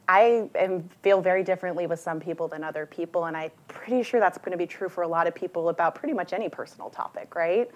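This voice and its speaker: Woman presenter, lowish voice, chatty, lots of ums, talks straight to the audience. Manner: casual and conversational, with many fillers and restarts, addressing the room. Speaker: forum presenter.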